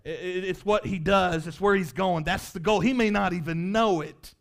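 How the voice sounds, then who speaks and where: Man, preacher, very high-pitched voice, fiery sermon, impassioned, rhetorical questions. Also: moderate pace, vocal fry. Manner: builds to impassioned shouting, rhetorical questions to congregation; high-pitched, emphatic, sweeps between quiet and loud.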